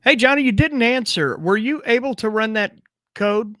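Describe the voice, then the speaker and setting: A man's voice: extremely high pitch, animated, moderate pace, a bit bright, no room sound, studio quality. A male host chatting casually and playfully on a live show, often restarting his sentences.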